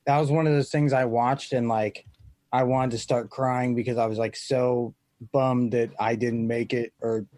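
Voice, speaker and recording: A man's voice: mid-range voice, little pitch movement, moderate pace, darkish tone, dry recording. A man chatting on a casual podcast in a laid-back way, laughing easily.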